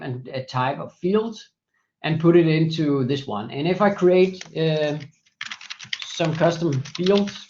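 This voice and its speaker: A man presenting a software product in a screen-share demo, walking through steps methodically with frequent hesitations. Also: fairly high pitch, dull audio, background noise. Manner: many fillers and restarts, methodical walkthrough.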